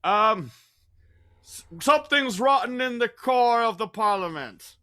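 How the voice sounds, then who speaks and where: A man voicing a young male Cockney newsboy who shouts headlines to passers-by. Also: very high voice, expressive, a little slow, pitched above the performer's own voice, full character voice. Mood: hawking. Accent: Cockney (put on). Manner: shouted street-hawker calls. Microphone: video call.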